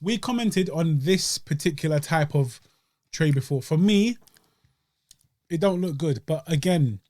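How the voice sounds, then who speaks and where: A young man chats easily about a dessert, full of slang and asides. His voice sits a touch high for a man and sounds dry and close-miked. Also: expressive, a little slow, darkish tone, no echo. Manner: laid-back, slangy and chatty, eating while talking. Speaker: podcast host reviewing desserts. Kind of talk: casual chat.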